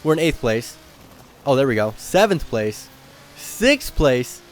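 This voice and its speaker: A young man hosting a car game video, talking casually and getting excited and loud at times. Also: mid-range voice, slow pace. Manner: excitable, slangy, bursts of shouting at rivals. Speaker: gaming channel host. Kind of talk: casual gameplay commentary.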